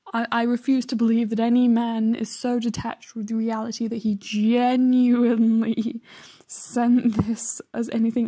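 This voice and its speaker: A woman's voice: on the high side, mellow. A woman hosting reaction commentary, sarcastic and exasperated, often dropping to a whisper. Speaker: host.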